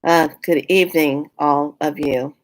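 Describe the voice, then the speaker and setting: A woman mimicking a halting, monotone male politician reading out numbers at a briefing. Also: low voice, no echo. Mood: stilted.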